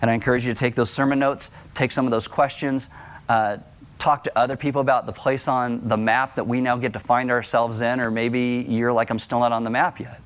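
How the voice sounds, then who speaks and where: A man delivering a sermon to his congregation in a relaxed, conversational tone. His voice sits at an ordinary middle pitch, and his talk stays earnest, with the odd light aside. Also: a little fast. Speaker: pastor. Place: church service.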